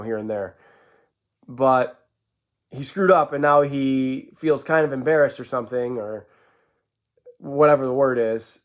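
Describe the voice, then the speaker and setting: A man rambles through a casual sports vlog, full of stammered restarts. His inflections swing up and down as he talks. He sounds like a fan thinking out loud. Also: medium pitch.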